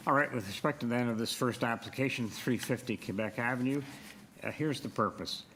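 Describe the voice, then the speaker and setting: A man's voice: medium pitch, moderate pace, a bit bright, slight background noise. A man chairing a public hearing, speaking in a formal, procedural way. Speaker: committee chair. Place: council hearing room.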